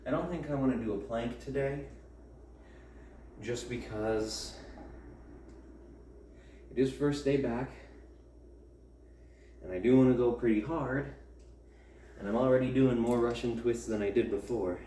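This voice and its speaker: A young college student chats casually at home during a workout, rambling and grumbling through rants packed with fillers. His mid-range voice has a dark tone, unhurried with long pauses, picked up by a distant mic in a roomy space with faint ambience and slight background noise.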